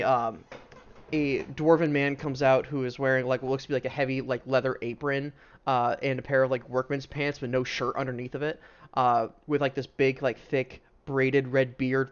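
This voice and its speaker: A man's voice: medium pitch, little pitch movement, normal speed, clear, resonant tone, highs cut off. A man narrating as game master of a tabletop game, rambling with many fillers.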